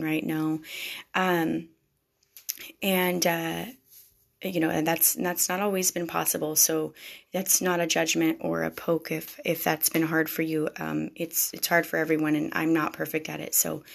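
Woman vlogger, lowish voice with vocal fry; earnest, confessional personal storytelling. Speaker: vlogger speaking to wives.

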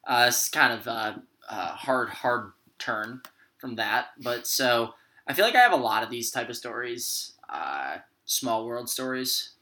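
A man chats on a podcast with dry, wry humor, often pausing on "uh." His voice is fairly bright, and his pitch sits in a middle range. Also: animated. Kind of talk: casual chat.

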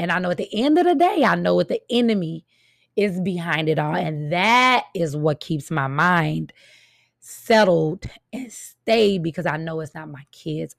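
A woman's voice: on the low side, creaky, no room sound, studio quality. A middle-aged woman, a mother, talking frankly and emphatically to her viewers in a casual venting monologue, repeating her points for stress. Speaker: mother and vlogger.

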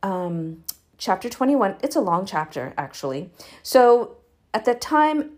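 A woman walks through Bible chapters in a relaxed, conversational podcast voice. She talks informally, with plenty of fillers and restarts. When she urges listeners to pray, her emphasis rises into earnest fervor. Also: mid-range voice, unhurried. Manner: chatty, informal retelling with frequent fillers; earnest, rising emphasis when urging prayer. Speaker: podcast host reading the Bible. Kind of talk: casual Bible reading and commentary.

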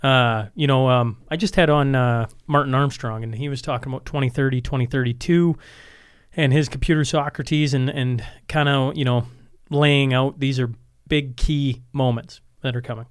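A man's voice: medium pitch, fairly even intonation, normal speed, clean tone, dry recording, studio quality. A male podcast host asking casual, hesitant questions full of fillers. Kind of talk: podcast interview.

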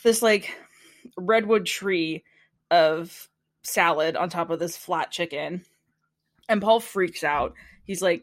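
Female podcast co-host, mid pitch, chatty recap with quoted bits, dry close sound. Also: measured pace, no echo. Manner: animated storytelling, quotes people in put-on voices, laughs often. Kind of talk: casual recap chat.

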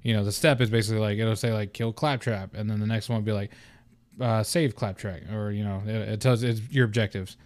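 A young man hosting a casual solo podcast, venting in an animated, profane way and slipping into mock voices. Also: fairly low pitch, fairly quick, no echo. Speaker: podcast host.

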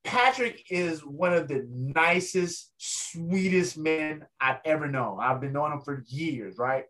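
A man's voice: a little high, a little slow. A man, a ring announcer, telling a story in a casual interview and acting out the people in it. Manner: animated storyteller, acts out other people's voices.

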